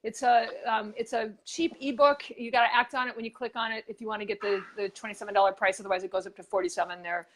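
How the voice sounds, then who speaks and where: A woman's voice: medium pitch, fairly even intonation, quick pace, hardly any pauses, a little hiss or hum. A woman co-hosting a motivational show, telling stories in a chatty way with lots of fillers and restarts. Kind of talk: casual motivational chat.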